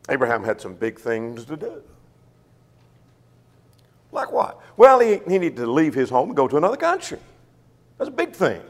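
Animated preacher in a reverberant hall. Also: male voice, fairly high pitch. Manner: questioning, emphatic, acts out quoted excuses. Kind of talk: sermon.

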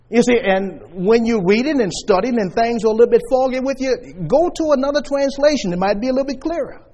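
A man preaching a sermon to a congregation, stressing points loudly and then dropping to quiet asides. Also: very high voice, a little fast. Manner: emphatic, swings between loud stresses and quiet asides. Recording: long reverb of a church hall.

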